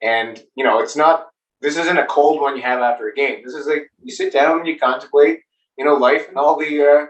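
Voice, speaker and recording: Relaxed man talking beer, echoey and distant. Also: on the high side, a little fast. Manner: relaxed, rambling explanations with many fillers. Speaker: brewmaster guest. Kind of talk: casual chat.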